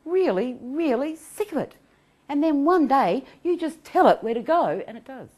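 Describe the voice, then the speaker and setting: A middle-aged woman giving an animated self-help talk on anxiety recovery. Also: high-pitched, normal speed. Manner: animated, acts out quoted voices, laughs often.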